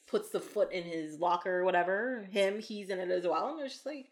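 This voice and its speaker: A woman co-hosting a casual movie podcast, talking in an animated way, laughing often and acting out quotes. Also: mid-range voice, brisk. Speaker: podcast co-host. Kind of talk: casual chat about movies.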